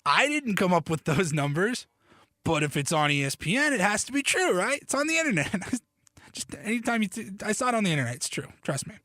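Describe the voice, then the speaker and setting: A man hosting a casual solo sports podcast, animated and joking, with loose, profane talk that often restarts mid-sentence. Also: sits high, fairly quick, dry recording. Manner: self-interrupting, restarts sentences. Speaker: podcast host.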